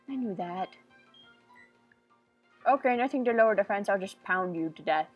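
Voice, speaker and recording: A woman's voice: medium pitch, animated, moderate pace, long pauses, lo-fi sound, faint music behind. A young woman hosting a let's play, rambling and joking to herself with sudden silly outbursts. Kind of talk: casual game commentary.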